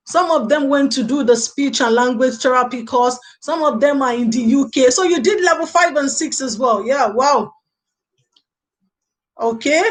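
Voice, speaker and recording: This woman hosts a casual live stream in her role as an early childhood lecturer, rambling as she responds to viewers and saying "okay" and "you know" a lot. She has a high voice.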